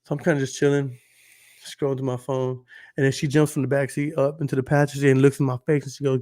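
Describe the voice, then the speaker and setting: A man's voice: medium pitch, fairly even intonation, quick pace, darkish tone, no room sound, studio quality. A man co-hosting a casual podcast, telling stories in a loose, profane way and often asking "you know what I'm saying?". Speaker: podcast co-host.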